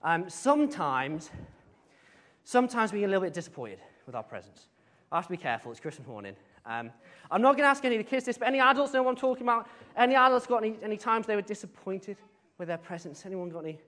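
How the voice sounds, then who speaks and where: A man's voice: high voice, big pitch swings, fast, fairly bright tone. A man leading an informal all-age church service, chatting with the congregation, often hesitating with ums and playful asides. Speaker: service leader.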